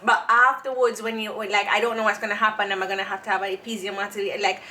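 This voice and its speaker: A woman's voice: medium pitch, level tone, fast talker, pushed and bright, slight background noise, rough recording. A woman hosting a casual chat show, chatty and giggly as she tells stories. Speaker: host.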